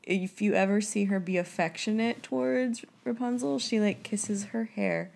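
A woman co-hosting a podcast, chatting in a relaxed, casual way. Her voice has a strong gravelly fry. Her pitch sits in the middle, and she drops "like" into her sentences. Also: normal speed. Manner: relaxed, casual, says "like" often. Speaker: podcast co-host. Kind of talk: casual chat.

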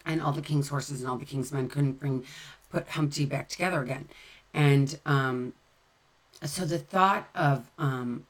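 A woman's voice: very deep voice, unhurried. A middle-aged woman speaking candidly and conversationally about her own recovery, often repeating phrases for emphasis. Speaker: sober-living speaker. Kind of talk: personal recovery talk.

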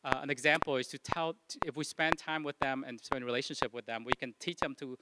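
A man's voice: mid-range voice, steady tone, fast talker. A man preaching a sermon to his congregation, earnest and plain-spoken, often stopping to restart or correct himself. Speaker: pastor. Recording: loud background noise.

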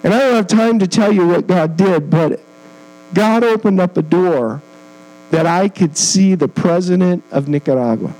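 A man with a notably high voice preaches at a church, telling a story from his missionary work. He mixes earnest conviction with self-deprecating jokes, reliving each moment as he goes. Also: normal speed, dark tone, poor audio. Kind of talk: storytelling sermon.

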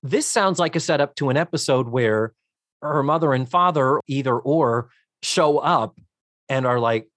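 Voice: medium pitch, animated, a little slow, a bit bright, dry recording, studio quality. A podcast co-host chatting casually and with exasperation while recapping a TV episode, swearing freely.

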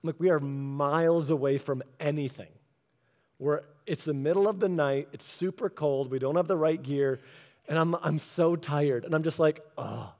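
A man preaching, telling a story in an animated way and acting out the quoted people in changed voices. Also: on the high side, moderate pace. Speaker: pastor. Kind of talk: storytelling sermon. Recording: long hall reverb.

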